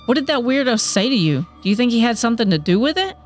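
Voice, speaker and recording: A woman's voice: fairly high pitch, very animated, fast talker, faint music behind, pitched above the performer's own voice. A woman voicing a fiery young wife who talks bluntly and swears. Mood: angry.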